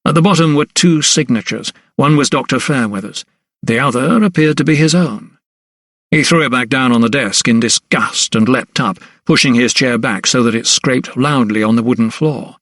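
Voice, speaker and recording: Measured male audiobook narrator. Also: medium pitch, fairly bright tone, no echo, clean studio sound. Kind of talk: scripted narration.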